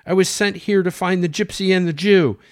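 A man's voice: measured pace, no echo, clean studio sound, close to an everyday voice. A man voicing Juan, a guilt-ridden man who blurts out a frantic confession. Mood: panicked. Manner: frantic, pleading, high and loud. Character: Juan, a panicked man who betrayed friends.

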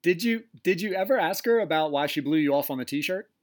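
A man's voice: a little high, lively intonation, brisk. A man hosting a casual podcast interview, laid-back and chummy. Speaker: podcast host.

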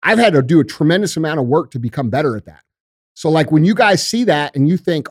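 A fiery, profane man holds forth on a podcast in casual slang, calling everyone bro and dude. His voice sits a bit high for a man and sounds close and dry, with no room around it. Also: animated, fast talker, slightly rough, dry recording. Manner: calls people bro and dude. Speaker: podcast guest.

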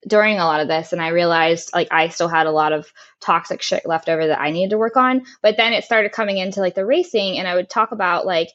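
A woman's voice: lowish voice, fast talker, hardly any pauses, fairly bright tone. A young woman in an interview, talking candidly and with feeling about her racing, laughing often and swearing freely. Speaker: podcast guest, race car driver. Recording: lo-fi muffled audio.

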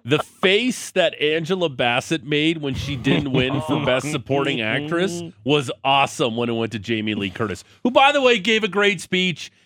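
A man co-hosting a sports radio show, asking questions in a halting, casual way with many fillers. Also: on the high side, lively intonation, a bit bright, dry recording. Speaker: radio co-host.

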